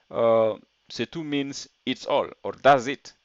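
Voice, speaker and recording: A man's voice: mid-range voice, slow, few pauses, smooth, dry recording, highs cut off. A man teaching an online French lesson, explaining step by step and translating French phrases into English.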